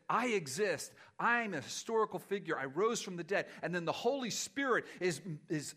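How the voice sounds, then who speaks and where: A man preaching a conversational, animated sermon as pastor, sometimes poking fun at himself. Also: sits high. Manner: conversational, animated, self-deprecating.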